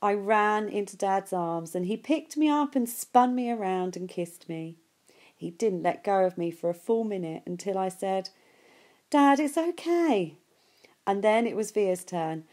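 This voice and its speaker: Woman reading a novel aloud; warm, mellow, steady storyteller. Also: medium pitch, moderate pace. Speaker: reader.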